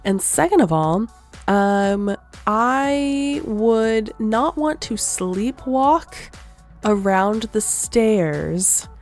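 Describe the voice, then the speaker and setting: A woman's voice: medium pitch, expressive, extremely slow, darkish tone, soft background music. Chatty young woman, rambling and giggly. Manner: chatty, rambling, laughs often. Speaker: gaming vlogger. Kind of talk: casual voice-over commentary.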